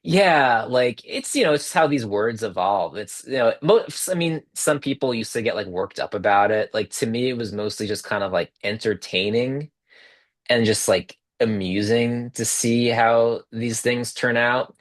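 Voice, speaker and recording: A man's voice: medium pitch, moderate pace, no room sound. A man in his thirties, an author and guest, chatting casually and rambling, with lots of filler words and restarts, over a video call.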